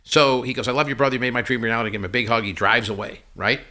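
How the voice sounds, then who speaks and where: A man telling a personal story as a podcast guest, animated and acting out each line of dialogue. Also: mid-range voice, very fast. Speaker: podcast guest, company CEO. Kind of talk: conversational storytelling interview.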